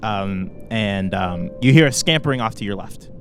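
A man's voice: fairly low pitch, animated, moderate pace, faint music behind. Hesitant man running a tabletop game. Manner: hesitant, full of fillers and hedges. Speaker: game master.

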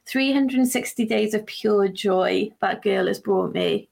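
Chatty woman, average pitch, excited storytelling with lots of ums. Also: unhurried, creaky. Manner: enthusiastic storytelling, fillers. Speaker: podcast co-host. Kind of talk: casual chat.

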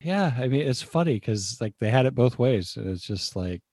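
A man co-hosts a casual podcast and reads an article aloud, adding relaxed asides. His mid-pitched voice sits close and dry on the mic. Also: normal speed, no room sound. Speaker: podcast co-host. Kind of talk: casual chat.

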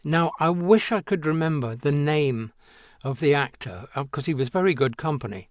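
A man's voice: on the high side, lively intonation, dry recording, clean studio sound. Seventy-something man telling an old story. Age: 70s. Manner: halting, many restarts and fillers. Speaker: interviewee, actor. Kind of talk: reminiscing anecdote.

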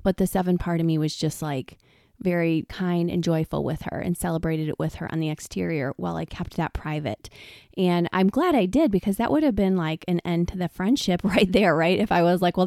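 A woman in her forties, chatty and laughing often, telling personal stories in a relaxed podcast monologue. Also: fairly low pitch, no echo, studio quality. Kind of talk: casual personal storytelling.

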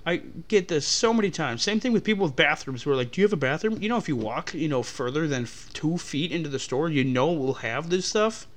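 Young guy ranting and swearing, a bit high voiced, fed up. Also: expressive, a little fast, hardly any pauses, fairly bright tone. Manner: profane, exasperated ranting. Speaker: podcast host. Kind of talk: ranting about customers.

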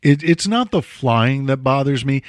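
A man's voice: mid-range voice, expressive, a little slow, no echo. Wry man hosting a chat show. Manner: wry, conversational, reads figures then riffs. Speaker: host. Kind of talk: casual talk-show chat.

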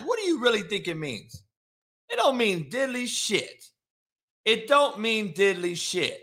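A man hosting a live morning stream, ranting profanely and confrontationally, mocking and shouting at his chat. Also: high-pitched, very animated, a little slow. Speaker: live show host. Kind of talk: brash live-stream rant.

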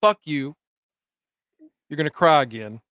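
A man's voice: on the high side, animated, unhurried, a bit bright, no echo. A man co-hosting a podcast, chatting casually, laughing a lot and teasing his co-host. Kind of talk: casual recap chat.

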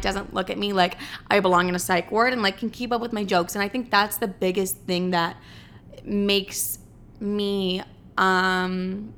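A woman's voice: medium pitch, vocal fry. A young woman telling a dating story casually, with a dramatic, profane delivery full of quoted back-and-forth. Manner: profane, dramatic, animated retelling with quoted dialogue.

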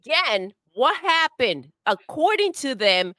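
Bright, lively female stream co-host. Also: high-pitched, slow pace, no room sound, clean studio sound. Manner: hype-woman interjections, laughing, egging on. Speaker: co-host of a gaming talk stream. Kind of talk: casual livestream banter.

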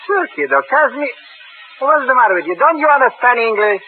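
A sly, chummy curio dealer in a 1950s radio drama, folksy and evasive. His voice is on the high side and bounces all over, heard through a thin radio line with a faint hiss. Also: big pitch swings, normal speed. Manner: folksy, evasive, calls people kiddo. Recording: tinny old radio broadcast with faint hiss.

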